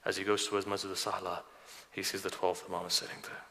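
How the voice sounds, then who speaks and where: A man with a lower voice and a bright, forceful edge preaches to a gathering. He retells old traditions through quoted dialogue and keeps turning to the listeners with questions. A long hall reverb trails after his words. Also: little pitch movement, fast, gravelly. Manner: addresses listeners directly with questions. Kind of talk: sermon storytelling.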